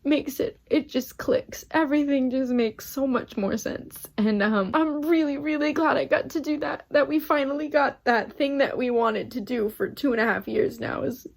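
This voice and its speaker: A woman's voice: high-pitched, fairly even intonation, moderate pace, gravelly, few pauses, no room sound, clean studio sound. A young woman actor talking to her camera in a candid, rambling vlog, openly emotional as she chats, filmed outdoors on city streets with a handheld phone. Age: young adult. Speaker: actor and vlogger. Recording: street noise and traffic behind.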